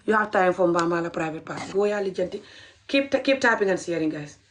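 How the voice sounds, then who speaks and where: A woman's voice: lowish voice, animated, fast talker, a little hiss or hum. Woman in an impassioned vlog. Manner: switches between English and local language, repeats phrases, urges viewers to share. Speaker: video commentator. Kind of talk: casual commentary vlog.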